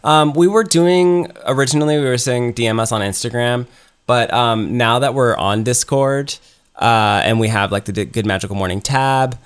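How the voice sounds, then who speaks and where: A man's voice: mid-range voice, moderate pace, clear, resonant tone. A man co-hosting a podcast in casual chat, rambling with lots of ums and restarts. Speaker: podcast co-host.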